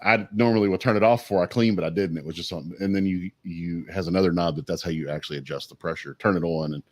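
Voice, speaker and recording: A man's voice: deep voice, rapid-fire, a little mellow, no room sound. A man in a casual podcast chat, telling rambling stories and swearing casually.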